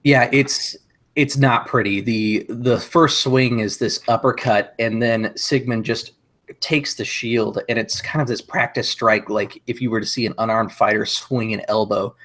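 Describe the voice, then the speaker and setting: A man playing a tabletop game, describing his character's attacks in a measured way with frequent fillers. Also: medium pitch, steady tone, fairly bright tone. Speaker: player.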